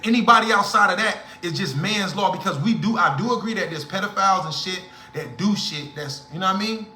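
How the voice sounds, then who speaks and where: A man's voice: sits high, a little fast, pushed and bright, roomy sound, a little hiss or hum. A young man hosting a livestream, lecturing his viewers in a blunt, profane, heated rant. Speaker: livestream host.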